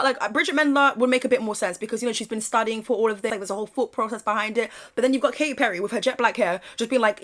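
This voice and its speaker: A young woman with a British accent that slips now and then toward Australian, talking in a sassy, sarcastic vlog style. Her voice sits a little on the high side, and her asides are animated and teasing. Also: racing, few pauses. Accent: British, slipping into Australian. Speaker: vlogger. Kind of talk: casual commentary vlog.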